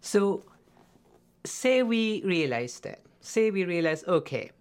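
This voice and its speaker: A man's voice: sits high, big pitch swings, clear, resonant tone. Man hosting a coaching talk. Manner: measured, leading questions. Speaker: interview host. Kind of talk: conversational interview.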